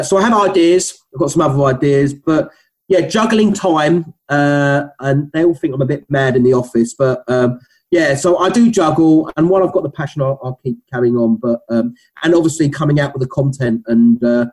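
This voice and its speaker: A man's voice: on the high side, normal speed, darkish tone, rough recording. A middle-aged man with a Cockney accent, a company founder chatting as an interview guest, rambling with many restarts. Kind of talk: casual interview talk.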